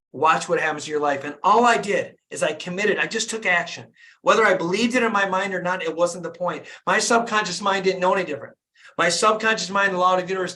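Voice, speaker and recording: A man's voice: sits high, sharp tone. Fired-up man preaching on a video call. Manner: fired-up, preachy, repeats phrases for emphasis. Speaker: dentist and business coach hosting a group call. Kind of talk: motivational talk on a group video call.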